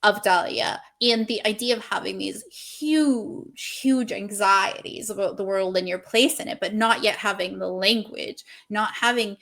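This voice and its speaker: A woman author chatting in an interview over a video call, earnest and expressive as she thinks aloud about her characters. Her mid-pitched voice carries a light gravelly fry, and she laughs easily between thoughts. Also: measured pace, hardly any pauses. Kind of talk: casual interview chat.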